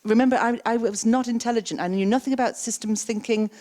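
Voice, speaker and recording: A woman's voice: fairly high pitch, steady tone, quick pace, dark tone. A woman giving an interactive keynote on coaching. She repeats the audience's words back and asks them questions. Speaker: keynote speaker and coaching trainer. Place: conference stage.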